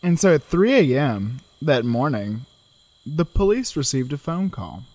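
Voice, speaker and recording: A man co-hosting a casual true-crime podcast, telling the story with dark humor. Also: mid-range voice, a little slow, no echo. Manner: storytelling, animated, darkly joking. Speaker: podcast co-host.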